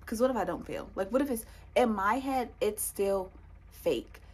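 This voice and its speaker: A woman's voice: medium pitch, animated, moderate pace, darkish tone, husky. A young woman, casually telling a storytime vlog and acting out quoted dialogue. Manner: chatty, retells dialogue with quoted voices. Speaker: vlogger.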